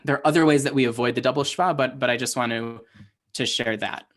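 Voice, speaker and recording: A man's voice: mid-range voice, steady tone, quick pace, fairly bright tone. A man teaching a live online class, explaining casually with many restarts and "right?" checks to his students. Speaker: Hebrew teacher. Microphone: livestream.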